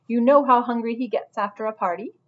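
A woman's voice: a little high, fairly quick, dull audio, pitched above the performer's own voice, lightly acted. A woman voicing a plump, motherly female porcupine cook who fusses and calls everyone dear. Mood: fussing.

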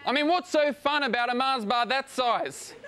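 A young Australian man doing a stand-up routine on stage, with dry, deadpan jokes. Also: very high-pitched, moderate pace, smooth. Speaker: stand-up comedian. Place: comedy stage before a live crowd.

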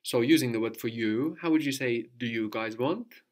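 A man's voice: mid-range voice, moderate pace. A man teaching a language lesson, asking questions patiently and repeating his student's answers.

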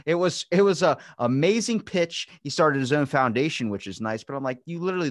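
A man's voice: fast, hardly any pauses, dry recording, studio quality. A man hosting a podcast in casual chat, telling stories animatedly and acting out what people said. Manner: animated storyteller, acts out quotes with big pitch jumps. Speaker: podcast host.

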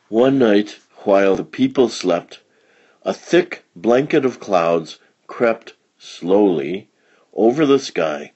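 A man reading a children's picture book aloud in an expressive, storytelling manner. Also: fairly low pitch, dull audio.

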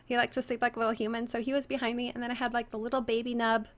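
Young female streamer, slightly high voice, a bit strained, chatty with viewers on a headset. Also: flat delivery, rapid-fire. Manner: chatty, reads chat aloud, greets viewers by name, many "like" fillers. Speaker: game streamer. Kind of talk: casual livestream chat.

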